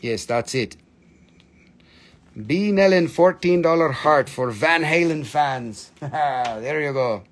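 A man's voice: on the high side, animated, takes it slowly. A man chatting through a live sales stream of crystals, playful and joking, slipping into put-on broken-English voices.

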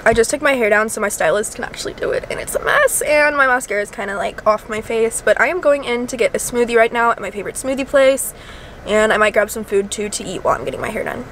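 A woman's voice: a little high, fast talker, fairly bright tone, slight background noise. A young woman, chatting casually to camera in a bubbly, giggly way. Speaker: vlogger. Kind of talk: casual vlog chat.

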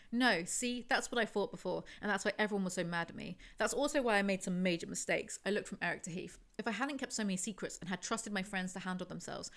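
A woman reviewing a novel, reading passages aloud and then cutting in with sarcastic, over-the-top commentary. Her voice sits at a middling pitch for a woman, and she keeps it casual and conversational. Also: fairly bright tone. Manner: sarcastic, exaggerated asides between readings. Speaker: book reviewer.

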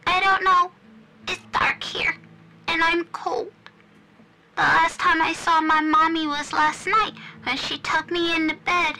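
A woman voicing a frightened three-year-old ghost girl in a horror story, speaking slowly in a small childlike voice. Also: extremely high pitch, flat delivery, pushed and bright, a little hiss or hum, exaggerated voice, rough recording. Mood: scared.

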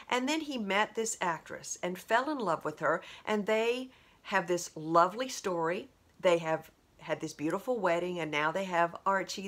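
A woman's voice: lowish voice, fairly bright tone. A woman in her sixties hosting a podcast, talking in a chatty, rambling monologue full of asides and laughs. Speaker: podcast host. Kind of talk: casual monologue.

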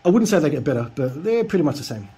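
A man's voice: on the high side, big pitch swings, very fast, dark tone, breathy edge. A man reading out chat logs with dry, mocking comedic commentary. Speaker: video creator.

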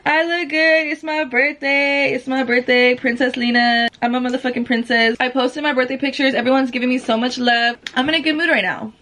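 High-voiced young woman vlogging casually. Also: fairly quick, hardly any pauses. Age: 20s. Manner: chatty, lots of "like" fillers; talking softly so as not to wake someone. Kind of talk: casual vlog chat. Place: at home.

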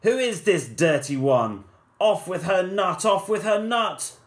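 A man voicing a pompous, hot-tempered young prince, loud and commanding, in a read-aloud rhyming story. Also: medium pitch, unhurried, lightly acted. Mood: roaring.

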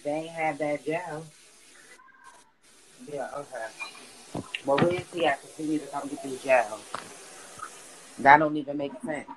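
Teasing New man, slightly high voice. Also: a little slow, pauses often, noisy background. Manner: teasing, needling. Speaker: vlogger. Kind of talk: casual banter.

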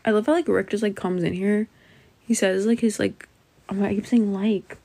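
A woman's voice: mid-range voice, steady tone, moderate pace, gravelly, mellow, no room sound. A young woman on a casual live stream, reading her chat, breathless and giggling, saying like and legit over and over. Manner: giggly, keeps laughing, says like and legit a lot. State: breathless from laughing.

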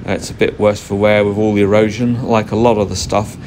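A man giving a relaxed, explanatory walking commentary while fossil hunting outdoors on a beach. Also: on the low side, fairly quick, poor audio. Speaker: fossil hunter vlogger. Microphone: camera mic, wind noise. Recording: wind noise on an outdoor mic.

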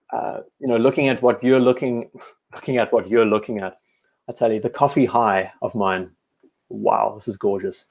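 A man's voice: medium pitch, a little mellow. A South African man hosting a casual live stream, reading out viewer comments and chatting enthusiastically with frequent restarts.

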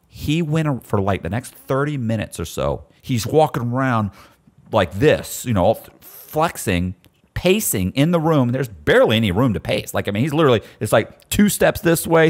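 A man telling stories in casual chat, animated and often restarting his sentences. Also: medium pitch, moderate pace. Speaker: guest storyteller.

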